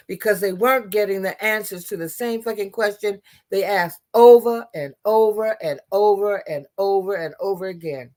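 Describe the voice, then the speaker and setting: A woman giving impassioned political commentary, blunt and profane, often restarting her sentences. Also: mid-range voice.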